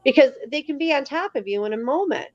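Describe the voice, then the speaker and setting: A woman's voice: high voice, fast talker, no room sound. Emphatic woman storyteller on dull dry audio. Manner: animated, emphatic, acts out quoted voices. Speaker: guest telling her encounter story. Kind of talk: casual spoken storytelling on a live show.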